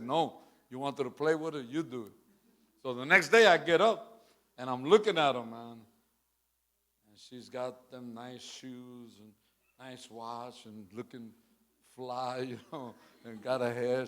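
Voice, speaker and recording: A man preaching a sermon through a long personal story, in a casual street-style way, often tacking on "man" and chuckling between lines. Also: medium pitch.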